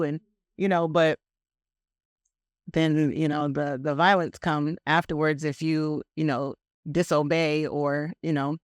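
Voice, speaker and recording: A woman's voice: low-pitched, fairly even intonation, slow pace, no echo, clean studio sound. A woman guest on a podcast in casual chat, rambling with lots of fillers and easy laughs.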